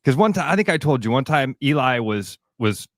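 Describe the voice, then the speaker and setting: A middle-aged man co-hosting a sports talk radio show, telling animated stories and laughing easily. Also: mid-range voice, a little fast, no room sound, clean studio sound. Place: radio studio.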